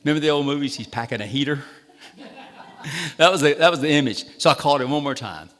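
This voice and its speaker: Rapid-fire and a bit bright, the high-leaning voice of a Southern state treasurer fills a reverberant hall as he shares humorous, self-mocking stories at a town hall meeting.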